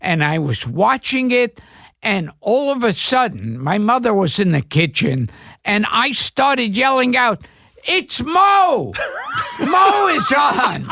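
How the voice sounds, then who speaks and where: A man in his sixties from New York, co-hosting a podcast and telling childhood stories in a gravelly, drawn-out way. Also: sits high, big pitch swings, pushed and bright, no echo. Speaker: podcast co-host. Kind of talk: casual chat.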